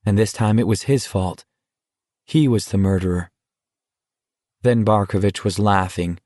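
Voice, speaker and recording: A man reading an audiobook as narrator in a measured, tense dramatic style. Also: on the low side, darkish tone, dry recording, studio quality. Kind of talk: scripted narration.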